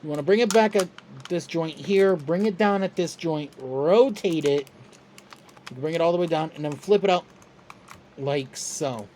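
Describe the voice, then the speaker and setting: A toy reviewer walks through a build step by step, easygoing and chatty and quick to poke fun at themselves. The voice sits at a middle pitch, with a faint hiss of noise behind it. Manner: relaxed, chatty and self-deprecating. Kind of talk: casual step-by-step tutorial.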